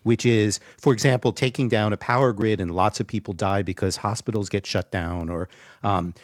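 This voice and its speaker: A man arguing emphatically in a panel discussion, often pausing with ums. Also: lowish voice, fairly even intonation, no echo, clean studio sound. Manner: emphatic, argumentative, with frequent ums. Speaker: guest expert.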